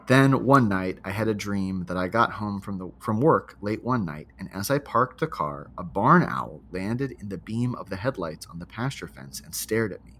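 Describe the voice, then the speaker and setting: A man's voice: on the low side, animated, moderate pace, hardly any pauses, fairly bright tone. A man co-hosting a podcast, reading a listener's spooky story aloud and chatting, laughing often. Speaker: podcast co-host.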